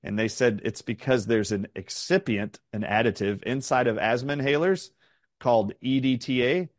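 A man's voice: medium pitch, dry recording, studio quality. A middle-aged man from the southern United States, an interview guest telling stories in an emphatic, questioning way. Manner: rapid-fire questioning, emphatic. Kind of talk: animated storytelling in an interview.

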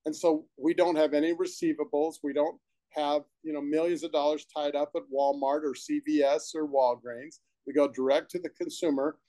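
A man's voice: a little high, level tone, moderate pace, dark tone, no echo. A man being interviewed as a guest, the founder of a supplement company, telling his story in a rambling, enthusiastic way from his room at home. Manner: rambling, enthusiastic, with restarts and asides.

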